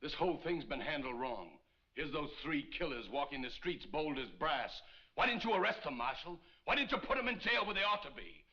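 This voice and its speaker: A man's voice: on the high side, sing-song, fairly quick, pushed and bright, heavily acted. An actor playing a townsman who challenges the marshal in a confrontational way, in a dull old film soundtrack. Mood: accusing. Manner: accusing, confrontational.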